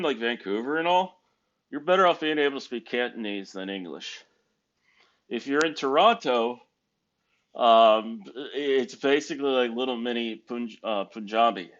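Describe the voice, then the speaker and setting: A man's voice: mid-range voice, fairly bright tone, muffled recording. A tired man from the United States talking casually in a rambling, self-correcting, wry way from a hotel room. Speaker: vlogger. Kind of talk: casual vlog monologue.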